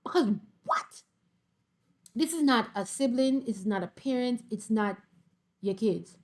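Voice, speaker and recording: A young woman, reading viewer comments aloud in a sassy, animated casual commentary. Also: a little high, moderate pace. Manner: sassy, animated, laughs often.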